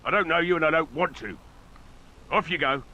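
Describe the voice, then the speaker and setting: An actor playing a weary, bitter old village blacksmith who has been drinking heavily, gruff in manner. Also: male voice, fairly high pitch, brisk, dull audio, natural voice. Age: older. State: drunk. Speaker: game character.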